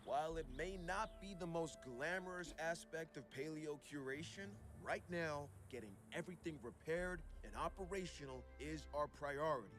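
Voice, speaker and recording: A man's voice: on the high side, normal speed, hardly any pauses, fairly bright tone, faint music behind, lightly acted. An actor playing a practical, matter-of-fact male park engineer in a video game.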